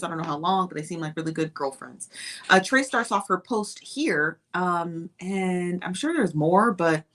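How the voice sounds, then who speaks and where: A woman's voice: on the low side, a bit bright. A woman hosting a casual livestream, chatty and greeting viewers one by one with easy laughs. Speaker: livestream host.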